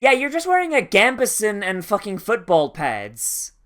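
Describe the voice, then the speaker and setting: A man's voice: sits high, huge pitch swings, normal speed, pushed and bright. A young man reacting to an anime episode, talking casually and rambling with a lot of swearing and sarcasm.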